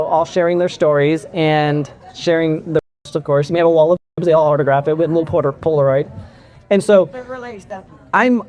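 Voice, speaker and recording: A man's voice: on the high side, a little mellow. A middle-aged man speaking candidly to a convention audience, telling his own story. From California. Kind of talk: personal talk to an audience.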